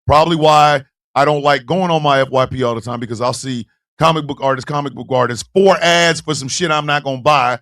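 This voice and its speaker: A man hosting a livestream, chatting casually with his audience in loud, animated, profane banter with frequent laughter. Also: medium pitch, brisk, hardly any pauses. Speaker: livestream show host. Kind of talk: casual livestream talk, reacting to chat.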